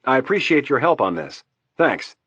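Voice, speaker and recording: A man's voice: medium pitch, very animated, normal speed, a bit bright, slightly rough, no echo, voice pushed up. A man voicing a genial male president who speaks with hearty formality.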